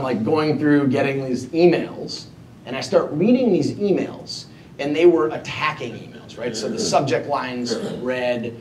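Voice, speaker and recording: A man giving a motivational storytelling speech to an audience, animated and self-mocking as he acts out his own past thoughts. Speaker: keynote speaker. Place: event hall before an audience. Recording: echoey hall, distant mic, faint rumble.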